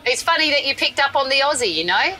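A woman's voice: high-pitched, sing-song, fast talker, a crowd in the background, voice pushed up, low-quality recording. An Australian woman in a taxi, putting on a shaky English accent with Irish hints, chatty and giggly. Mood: playful. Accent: mixed English and Irish-tinged put-on. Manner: chatty, giggly, following prompts. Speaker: radio host undercover in a cab. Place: back seat of a taxi.

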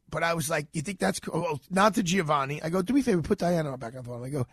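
A man's voice: a little high, racing, few pauses, husky, no echo, clean studio sound. A middle-aged man, hosting a talk radio show and telling a story while acting out the voices he quotes. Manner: animated, acts out quoted voices.

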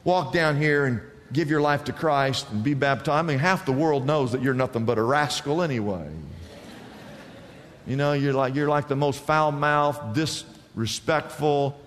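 Animated man preaching in a reverberant hall. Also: fairly high pitch, unhurried, slight background noise. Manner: animated storytelling, acting out quoted voices. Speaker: pastor. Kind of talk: sermon.

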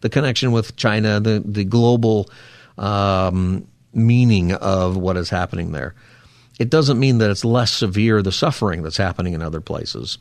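Male radio talk host, lowish voice, dry close sound, rambling and thoughtful. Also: normal speed, no echo. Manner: rambling, musing aloud with frequent fillers. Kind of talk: casual call-in radio talk.

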